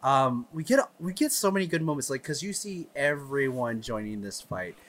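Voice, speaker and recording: Man, podcast co-host, eager casual recap, bright tone. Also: medium pitch, very animated. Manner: eager, retells scenes in quick bursts. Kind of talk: casual movie chat.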